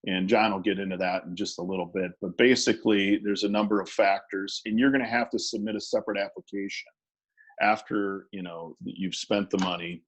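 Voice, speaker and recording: A man's voice: fairly low pitch, fairly even intonation, brisk, rough recording. A man who works as a business lawyer, presenting a webinar in a conversational way with many fillers and restarts.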